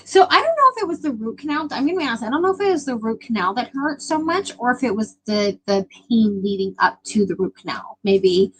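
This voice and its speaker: A woman's voice: on the high side, big pitch swings, fast talker, hardly any pauses, fairly bright tone, breathy edge, low-quality recording. A young adult woman chatting casually with her live stream viewers, rambling with lots of filler words.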